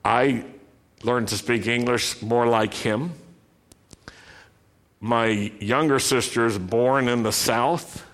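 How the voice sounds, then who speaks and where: Middle-aged guy preaching, slow and deliberate, lots of questions to the crowd, medium pitched voice. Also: steady tone, fairly bright tone. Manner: rhetorical questions, conversational storytelling. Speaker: pastor. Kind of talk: sermon.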